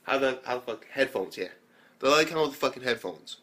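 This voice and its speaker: A man's voice: medium pitch, lively intonation, quick pace, fairly bright tone. A man giving a rambling, profane spoken anime review, acting out characters' lines as he retells the episode.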